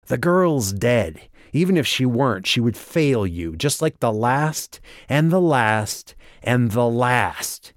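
A man voicing a whip-thin, scowling, bitter man who sneers and strains close to a shout. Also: deep voice, a little slow, gravelly, dry recording, heavily acted. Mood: bitter, sneering.

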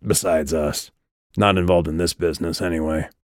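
Audiobook role: a sandblasted, growling hooded stranger, played by a man, deep and dry. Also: fairly even intonation, moderate pace, no echo, lightly acted. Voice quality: sandblasted, gravelly. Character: gruff, cryptic hooded male stranger.

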